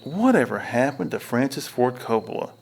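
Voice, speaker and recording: A man's voice: medium pitch, sing-song, moderate pace, gravelly, husky. A man hosting a casual podcast outdoors by a river, telling rambling stories about films. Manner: rambling storyteller, acts out film quotes. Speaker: podcast host. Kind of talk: casual chat. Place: outdoors at a state park by a river.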